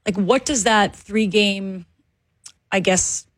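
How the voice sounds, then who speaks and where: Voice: mid-range voice, takes it slowly, dry recording. A sports radio host interviewing a guest in a casual way and asking long questions with several parts. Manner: long, multi-part questions, easygoing.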